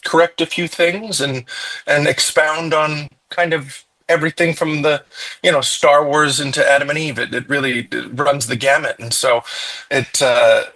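A man's voice: on the high side, steady tone, moderate pace, sharp tone, low-quality recording. A man interviewed as a comedian guest, chatty, with stumbling restarts and laughs. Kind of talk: interview answers.

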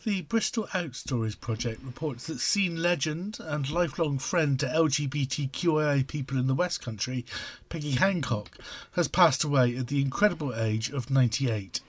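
A man co-hosting a radio show who reads the news bulletin at a measured, steady pace. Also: on the high side, breathy edge. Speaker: radio co-host and newsreader. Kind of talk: casual chat and read news bulletin.

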